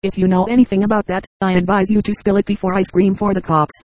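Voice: mid-range voice, level tone, fast, darkish tone, no room sound, natural voice. A synthetic text-to-speech narrator voicing a guarded young woman who speaks bluntly and threatens when pressed. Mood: wary. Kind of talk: audiobook dialogue.

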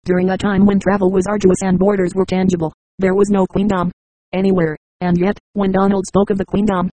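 A man reading a novel aloud as an audiobook narrator, in an even, measured way. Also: high voice, dry recording, rough recording. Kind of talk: scripted narration.

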